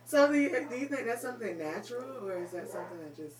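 A woman co-hosting a podcast, talking softly and hesitantly in casual chat. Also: medium pitch, animated, fast talker, distant mic, crowd noise. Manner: soft, hesitant. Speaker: podcast co-host.

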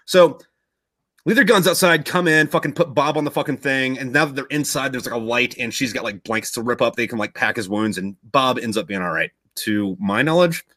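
A man's voice: medium pitch, a little fast, sharp tone, no echo. A young man in casual podcast chat, telling a long story in a rambling way, swearing constantly and loosely acting out quotes.

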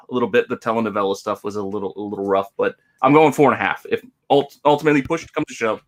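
A man's voice: on the low side, fast talker. A man co-hosting a podcast, chatting casually about a book he liked, hesitating and restarting as he thinks. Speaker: podcast co-host. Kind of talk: casual book review chat.

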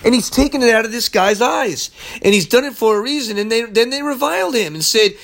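A man's voice: very high-pitched, animated, a little fast, gravelly, fairly bright tone. A man preaching on a sermon podcast, teaching verse by verse. He is emphatic, stumbles through restarts and repeats words.

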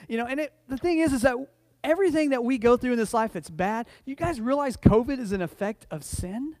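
Middle-aged male pastor, high voice, chatty anecdotes that swell into emphatic preaching, many restarts. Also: lively intonation, a little fast, darkish tone, no room sound. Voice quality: frequent restarts and repeated words. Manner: conversational, storytelling preacher who rises to emphatic declarations. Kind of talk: sermon.

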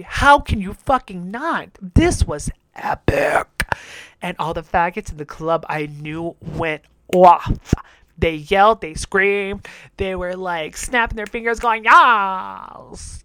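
A woman hosting a casual recap of a TV episode, talking bluntly and campily, swearing often and getting loud when excited. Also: on the low side, dry recording. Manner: blunt, campy, swears a lot. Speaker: show recap host. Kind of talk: casual profane TV recap commentary.

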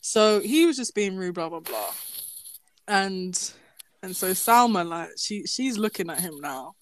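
A young woman telling a story in casual chat, animated, swearing, breaking into laughter. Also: mid-range voice, measured pace, background noise.

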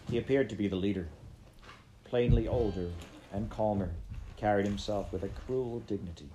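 A man reading a children's adventure novel aloud in steady, plain narration. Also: on the low side, normal speed, music in the background. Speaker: reader.

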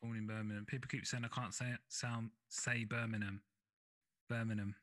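A man hosting a podcast, easygoing and chatty at a middling pitch. He talks through his points loosely and keeps checking that his guest is with him. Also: flat delivery, fairly quick, a bit bright, low-quality recording. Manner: laid-back, chatty, asks for agreement. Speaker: podcast host. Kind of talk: casual chat.

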